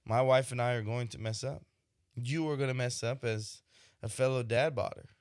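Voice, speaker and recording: A man's voice: medium pitch, steady tone, normal speed, dry recording. Reflective male podcast host, dry mic. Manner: reflective, conversational, frequent "right?" asides. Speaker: podcast host, expecting father. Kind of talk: casual monologue.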